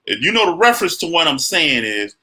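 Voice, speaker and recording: Bright, animated man cursing bluntly. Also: on the high side, fast talker. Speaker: podcast co-host. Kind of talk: casual chat.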